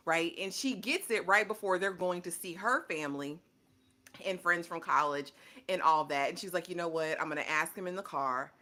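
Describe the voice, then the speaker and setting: A woman's voice: fairly low pitch, moderate pace, bright, forceful tone. A woman co-hosting a casual reality TV recap, telling the story with sassy asides and playful quotes. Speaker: podcast co-host.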